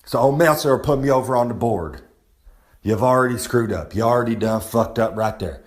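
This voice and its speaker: A man's voice: mid-range voice, a little fast. A man giving a rambling, boastful wrestling-style promo outdoors. He talks about himself in the third person, swears casually and gets worked up as he goes. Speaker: recurring segment presenter. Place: outdoors on a humid day.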